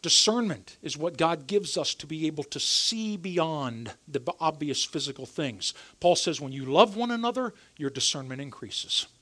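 A middle-aged male pastor delivers a sermon in a conversational, emphatic way. His voice sits high and swings widely in pitch, pushing up on key words and dropping low on quiet asides. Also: sing-song, normal speed, hardly any pauses. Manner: emphatic, conversational preaching with rising and falling emphasis.

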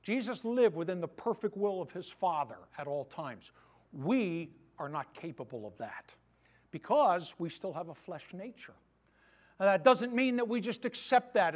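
A man pastor delivering a sermon in a conversational preaching style, with humorous asides to the congregation. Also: high voice.

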